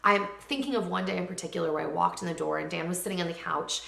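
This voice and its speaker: A woman's voice: on the low side, steady tone, fast, vocal fry, a bit bright, reverberant. A young woman talking casually to camera at home in a heartfelt, chatty way, full of likes and ums. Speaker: lifestyle vlogger. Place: home room with hard floors. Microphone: camera mic.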